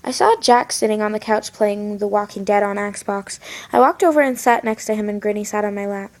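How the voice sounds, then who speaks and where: Woman with vocal fry reading a story. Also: mid-range voice, fairly quick, a little mellow. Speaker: story reader. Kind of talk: reading fan fiction aloud.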